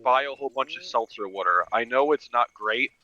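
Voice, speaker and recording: Male friend on a stream, bright tense voice, casual teasing banter. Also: mid-range voice, animated, fairly quick, no echo, dull audio. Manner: joking, teasing.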